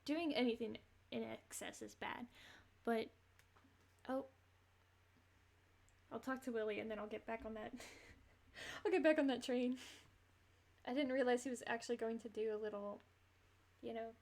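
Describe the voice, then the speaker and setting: A woman's voice: a little high, moderate pace, creaky, long pauses, a little mellow. A woman streamer giving casual, rambling gameplay commentary, laughing between thoughts.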